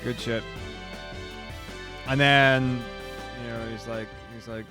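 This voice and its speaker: A male streamer chatting casually to his viewers, rambling through a story full of restarts and little acted-out quotes. His voice sits at an ordinary, mid-range male pitch, and faint music plays quietly behind him. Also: steady tone, slow. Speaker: speedrun streamer.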